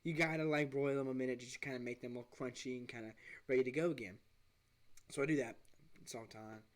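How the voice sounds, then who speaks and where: A man hosting a podcast, telling a story in an animated, rambling way with many restarts. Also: mid-range voice, fast. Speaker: podcast host. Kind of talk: casual storytelling.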